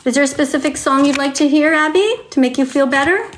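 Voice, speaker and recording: A woman's voice: high-pitched, fast talker, a little hiss or hum. A woman on a livestream, reading to viewers and talking to them in a coddling, sing-song way, like a teacher with small children.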